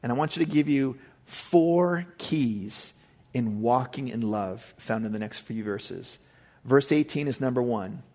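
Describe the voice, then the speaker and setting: A man's voice: mid-range voice, a little slow, mellow. A male pastor giving a conversational sermon, emphatic with frequent asides to the congregation.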